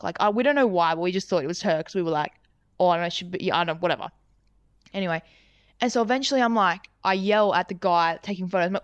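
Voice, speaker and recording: A woman's voice: mid-range voice, quick pace, clean tone, no echo, dull audio. A young woman co-hosting a podcast, telling a story in a rambling, casual way, swearing often and saying "like" constantly. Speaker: podcast co-host.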